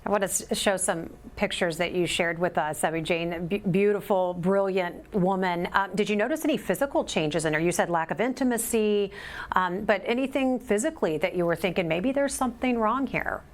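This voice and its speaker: A woman hosting an interview, asking gentle, probing questions with frequent fillers. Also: mid-range voice, normal speed. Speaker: host.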